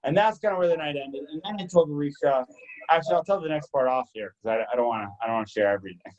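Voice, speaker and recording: A man's voice: fairly high pitch, rapid-fire, a little mellow. A man co-hosting a casual chat, telling a long story in a rambling, candid, self-deprecating way. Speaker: co-host. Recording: dull lo-fi audio.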